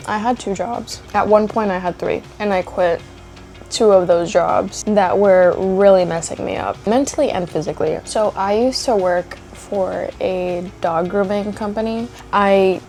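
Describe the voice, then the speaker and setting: A woman's voice: medium pitch, steady tone, a little slow, creaky, a little mellow, soft background music. A woman in her twenties chatting casually at home in a vlog, rambling with lots of likes and little laughs. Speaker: vlogger.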